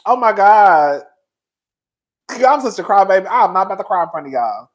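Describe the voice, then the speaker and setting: A man's voice: high-pitched, big pitch swings, moderate pace. A man in his forties hosting his own commentary channel, talking to viewers in a sassy, emotional, gossipy casual chat. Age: 40s.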